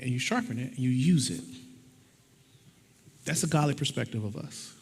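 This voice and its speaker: A man with a gravelly, mid-range voice speaks at normal speed, animated and pausing often. He preaches a conversational sermon with props in a church sanctuary, folksy in tone and acting out small dialogues. Long hall reverb and faint noise color the recording.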